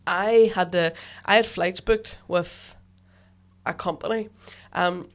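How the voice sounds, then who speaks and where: Northern Irish woman co-host, lowish voice, chatty storyteller with fillers, slight chesty cough. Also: steady tone, slow pace. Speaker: podcast co-host. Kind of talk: casual chat.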